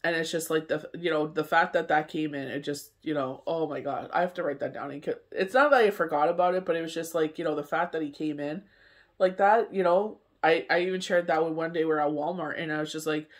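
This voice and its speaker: Canadian male medium, rambling casual talker, slightly high pitch. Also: a little fast. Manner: rambling, full of "you know what I mean". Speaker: tarot reader and medium. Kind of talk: casual chat to camera.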